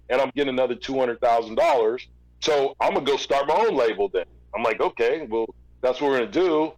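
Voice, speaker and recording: A middle-aged man tells a story as a guest in a casual interview. He acts out both sides of each conversation and often repeats words as he restarts his sentences. His voice sits in a middle register and sounds dry and close, with no room echo. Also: mid-range voice. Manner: recounts events through quoted back-and-forth dialogue. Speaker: podcast guest, former record label executive.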